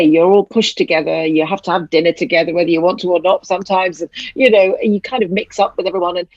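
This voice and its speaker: A woman's voice: on the low side, no room sound, muffled recording. A middle-aged woman, an opera singer, telling stories in a chatty way and laughing often on a video call. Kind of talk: casual chat.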